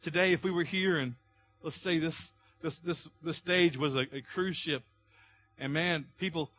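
A man preaching a sermon as pastor, building to loud, impassioned pleas and easing back to a calmer teaching tone. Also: a little high, moderate pace.

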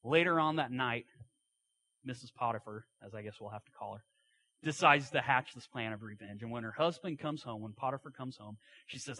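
A man's voice: medium pitch, normal speed, sharp tone. A man preaching a sermon, retelling a story in a folksy way with asides and acted-out quotes.

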